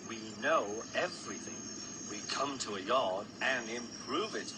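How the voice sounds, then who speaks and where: A man's voice: medium pitch, lively intonation, measured pace, background noise, natural voice. A man voicing a smug, oily-voiced male diesel engine with falsely polite, boastful manners. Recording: loud background music.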